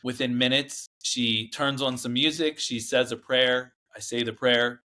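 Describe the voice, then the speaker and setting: A man's voice: medium pitch, steady tone, measured pace, sharp tone. A man, a podcast guest, telling a personal story in a casual, earnest way, with lots of fillers and restarts.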